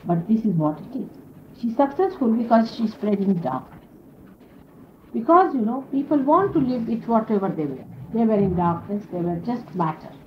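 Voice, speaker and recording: Woman spiritual teacher with a lively, rising-and-falling voice, speaking conversationally to a gathering of followers. The 1970s archive tape sounds dull and lo-fi, with a faint steady hiss behind her. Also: a little high, normal speed. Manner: conversational, explanatory, sprinkled with "you see". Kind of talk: informal spiritual talk to followers. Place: indoor gathering.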